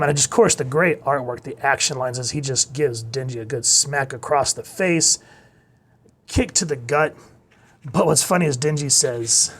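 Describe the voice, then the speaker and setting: A man giving a casual video review of a comic, retelling it excitedly with gasps and exclamations. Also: medium pitch, moderate pace. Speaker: manga reviewer.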